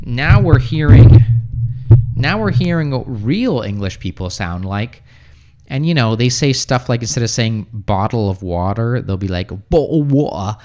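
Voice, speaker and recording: A man's voice: mid-range voice, a little slow. Young american guy on a livestream, chill, lots of ums and restarts, answering chat questions. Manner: relaxed, reads comments aloud then answers with many fillers and restarts. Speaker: livestream host, English teacher. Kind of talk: casual livestream chat answering viewer comments.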